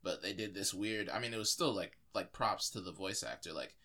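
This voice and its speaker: Low-voiced man in rambling casual chat. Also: a little fast, pushed and bright. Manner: rambling, filler-heavy, restarts often. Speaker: podcast co-host.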